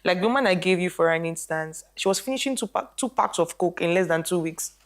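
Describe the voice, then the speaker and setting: A woman's voice: lowish voice, fast. A woman who is a health practitioner, speaking on a panel show and animatedly telling stories about clients, acting out their lines. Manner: animated storytelling, quotes people. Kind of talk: casual panel talk.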